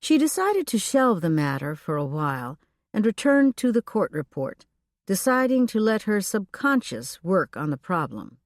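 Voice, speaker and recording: A woman narrating a cozy mystery audiobook in a steady, expressive storytelling manner on a close mic. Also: lowish voice, no room sound.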